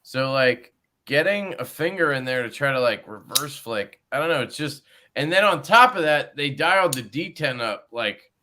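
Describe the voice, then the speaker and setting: A man hosts a livestream in loose, rambling chat, jokey and quick to swear. His pitch moves a lot from line to line, and his tone is bright and forward. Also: expressive. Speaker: livestream host. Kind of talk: casual chat.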